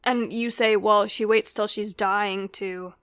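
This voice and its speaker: A woman's voice: mid-range voice, steady tone, slow, fairly bright tone, smooth, no echo, studio quality. A woman in a casual chat about a film, talking with fillers and trailing sentences. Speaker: podcast co-host discussing a film.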